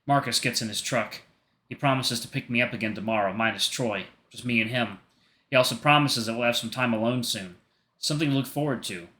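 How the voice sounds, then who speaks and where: A man's voice: mid-range voice, brisk, sharp tone. A gaming streamer, a man, reading a story game aloud and breaking off for playful, jokey asides. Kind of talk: reading a visual novel aloud with commentary.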